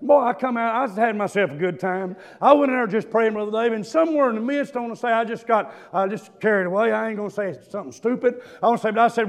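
A man preaching a sermon, telling stories and breaking into shouted hallelujahs. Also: high-pitched, fast talker, few pauses. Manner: emphatic storytelling, bursts into shouted hallelujahs.

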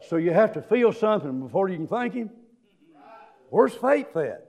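A man preaching a sermon, telling stories and breaking into shouted hallelujahs. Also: sits high, very animated, moderate pace, vocal fry. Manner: emphatic storytelling, bursts into shouted hallelujahs.

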